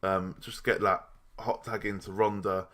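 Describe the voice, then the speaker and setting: A man's voice: on the low side, little pitch movement, normal speed, a bit bright. A young man giving a casual, rambling review of a wrestling show. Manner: chatty and rambling, with restarts and asides.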